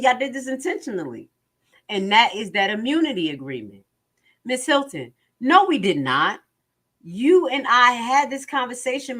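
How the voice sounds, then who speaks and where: Animated woman reading court transcripts. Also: a little high. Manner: emphatic, repeats phrases, asks viewers questions.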